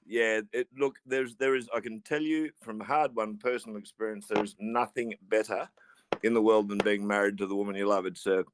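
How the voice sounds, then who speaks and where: A man, a podcast co-host speaking in a measured, wordy way with frequent chuckles. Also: fairly low pitch, fairly even intonation, noisy background. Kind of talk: casual podcast chat.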